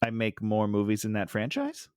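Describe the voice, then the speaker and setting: A man's voice: fairly low pitch, wildly swooping pitch, moderate pace, darkish tone, clear, resonant tone, dry recording, clean studio sound. A man co-hosting a casual movie podcast, making wry, teasing remarks in short replies. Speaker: podcast co-host.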